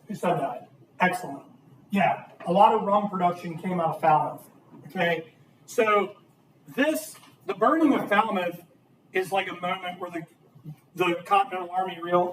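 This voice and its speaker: A lively history teacher with a high-sitting voice lectures his class and keeps asking the students questions. It's a roomy, distant classroom recording with slight hiss or hum.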